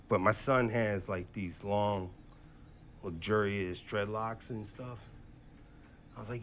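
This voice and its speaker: A man in his thirties doing a profane stand-up comedy set, swinging between loud outbursts and low, muttered asides. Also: fairly even intonation, slow, pauses often, slight background noise. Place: comedy stage before a live audience.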